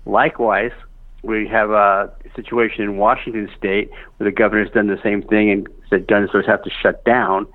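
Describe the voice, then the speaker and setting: A middle-aged man speaking as a guest over the telephone, steady and factual, with many fillers. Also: fairly low pitch, moderate pace. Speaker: phone-in guest. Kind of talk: phone interview. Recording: dry, tinny phone line.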